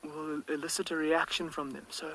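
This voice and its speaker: Man, slightly high voice, safari guide, quiet excited near-whisper, close mic, outdoors in a vehicle. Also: moderate pace, creaky, rough recording. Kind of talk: live wildlife commentary. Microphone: close to the face.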